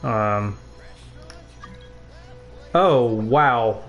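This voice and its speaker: A man's voice: mid-range voice, lively intonation, extremely slow, dull audio, soft background music. A young man of about nineteen, a game streamer, chatting casually and telling a school story while he plays, rambling with swearing and laughing asides. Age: young adult, about 19.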